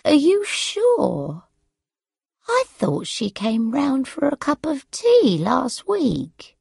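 A woman voicing a frail, forgetful elderly mother who speaks in a high, faltering and sometimes hushed way. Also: huge pitch swings, drawn-out words, vocal fry, breathy edge, no echo, studio quality, heavily acted. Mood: bewildered. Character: frail forgetful old mother, confused and weak.

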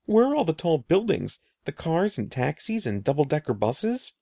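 Anxious young girl as a man reads her, lively pitch, gravelly edge. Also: normal speed, no room sound, studio quality, heavily acted. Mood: worried. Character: girl narrator, anxious and curious.

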